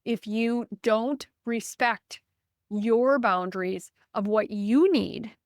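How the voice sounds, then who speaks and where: A woman's voice: a little high, takes it slowly, dry recording, clean studio sound. A woman in her thirties hosting a solo podcast, speaking earnestly and personally, with frequent restarts and fillers. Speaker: podcast host and business coach. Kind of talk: candid solo podcast talk.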